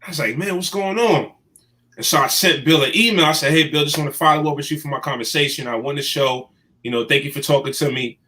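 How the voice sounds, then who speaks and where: A man in his thirties telling his life story in a casual chat, animated and emotional. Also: medium pitch, quick pace. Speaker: guest.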